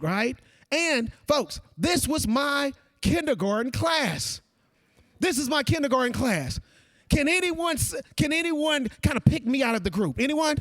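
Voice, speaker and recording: Animated high-pitched man giving keynote. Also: dry recording. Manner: animated, addresses audience directly as folks. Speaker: keynote speaker. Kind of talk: conference keynote speech.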